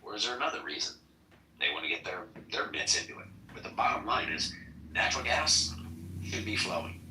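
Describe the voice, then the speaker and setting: A man's voice: lowish voice, sing-song, fairly quick, bright, forceful tone, far from the mic, a little hiss or hum. A man hosting a casual political talk show, blunt and full of rhetorical questions. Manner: blunt, rhetorical questions, retells exchanges in quoted voices. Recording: echoey room, off-mic, faint TV behind.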